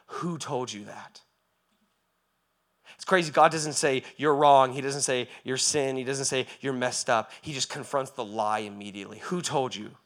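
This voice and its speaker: A male pastor giving a sermon, moving from quiet reflection to loud, impassioned preaching with rhetorical questions asked again and again. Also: medium pitch, normal speed. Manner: asks rhetorical questions over and over.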